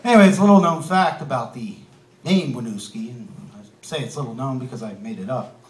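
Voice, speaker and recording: Wry stand-up comic in a roomy club. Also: male voice, medium pitch, fairly quick, background noise. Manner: wry, punchy delivery with asides to the crowd. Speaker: stand-up comedian. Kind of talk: stand-up comedy set. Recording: live club room, mic heard from a distance. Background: audience laughter.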